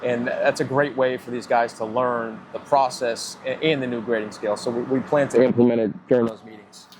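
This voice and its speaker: A man with a Boston accent, a football general manager answering interview questions in a measured, businesslike way, with many "you know" fillers. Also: mid-range voice, fairly even intonation, noisy background. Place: live remote broadcast at a football event.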